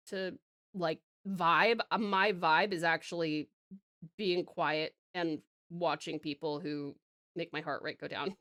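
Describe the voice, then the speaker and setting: A woman's voice: mid-range voice, fairly bright tone, no echo, clean studio sound. Chatty Australian woman streaming art. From Tasmania, Australia. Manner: chatty and rambling, full of "um" and "like"; calls her viewers sweet pet names. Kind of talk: casual live-stream chat while drawing.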